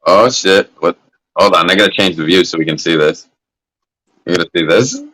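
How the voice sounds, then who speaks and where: A man's voice: deep voice, moderate pace, sharp tone, poor audio. A man hosting a casual livestream, talking in a loose, profane, rambling way and coughing now and then from smoking. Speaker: livestream host. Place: indoors at a grow setup.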